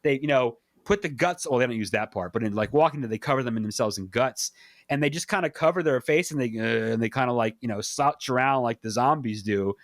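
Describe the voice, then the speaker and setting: A man's voice: fast, no room sound, clean studio sound. A man hosting a podcast, casually talking through a movie and acting out its lines with big jumps in voice. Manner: animated, acts out quoted lines with big pitch jumps. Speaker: podcast host.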